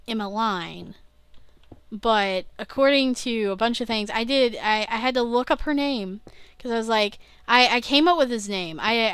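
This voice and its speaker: A woman's voice: fairly high pitch, sharp tone, clear, resonant tone, dry recording. A young woman vlogging casually, rambling and interrupting herself, often laughing at her own slips. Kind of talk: casual rambling video diary.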